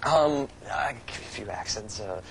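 Young male guest, low gravelly voice, halting with fillers; noisy low-fi TV recording. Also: expressive, fairly bright tone. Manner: hesitant, many fillers and restarts. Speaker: actor guest. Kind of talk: casual TV interview.

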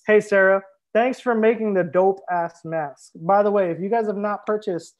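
A young man hosts a casual live wine tasting as a sommelier, relaxed and joking as he answers viewers one by one. His voice sits high for a man. The livestream sound is a bit dull and lo-fi. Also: moderate pace. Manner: relaxed, joking, reads viewer comments aloud.

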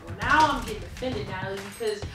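A woman's voice: mid-range voice, lively intonation, quick pace, bright, forceful tone, far from the mic, soft background music. A woman vlogger joking with her best friend, teasing and acting mock-offended while laughing her way through. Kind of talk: playful prank banter. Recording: echoey room, voice off-mic.

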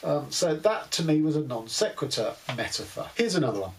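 A man's voice: fairly high pitch, big pitch swings, a little fast, creaky, a little hiss or hum, low-quality recording. A man giving a casual book review, wry and exasperated, with many fillers.

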